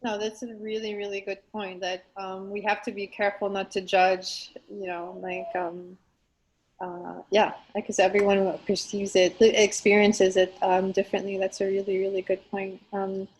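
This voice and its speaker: A woman's voice: medium pitch, little pitch movement, moderate pace, a little mellow, poor audio. A woman hosting a conversational interview, affirming her guest and asking questions with many fillers. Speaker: host.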